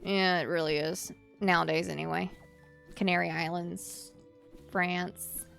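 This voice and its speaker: A woman's voice: fairly low pitch, flat delivery, unhurried, vocal fry, a bit bright, faint music behind. A woman from Louisiana chatting with her stream chat while she plays a game, musing and reading comments aloud.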